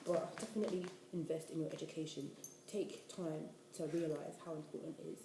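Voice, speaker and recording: A woman in her twenties from the UK, a university student giving casual life advice in an animated, chatty way. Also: low-pitched, brisk. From United Kingdom. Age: 20s. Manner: chatty, animated, preachy asides. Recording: echoey room, faint noise.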